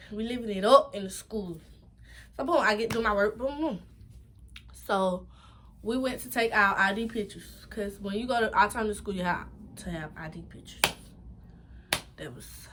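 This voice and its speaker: Young woman from new york doing a storytime, bright kinda high voice, chatty and slangy, bit of hiss behind. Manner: animated, chatty, slangy retelling with repeated "boom". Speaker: vlogger. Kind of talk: casual storytime.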